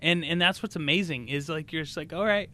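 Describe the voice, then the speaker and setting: A man hosting a casual podcast, playful and quick to laugh. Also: on the high side, steady tone, bright, forceful tone. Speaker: podcast host.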